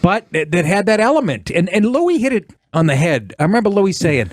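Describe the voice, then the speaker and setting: Man, middle-aged talk show host, high voice, very lively pitch, casual swearing. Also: brisk, few pauses, no echo. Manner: lively, swears freely, quotes others with big shifts in voice. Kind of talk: casual radio show chat.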